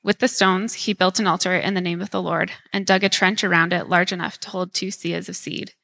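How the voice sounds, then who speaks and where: Woman reading scripture, bright gravelly voice. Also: fairly low pitch, steady tone, fairly quick. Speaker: scripture reader.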